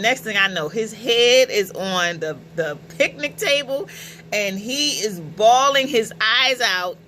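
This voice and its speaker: Chatty woman with a bright voice. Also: a little high, slow pace, a little hiss or hum, rough recording. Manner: chatty, animated, laughs while telling stories. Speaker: vlogger. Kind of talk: casual storytelling vlog.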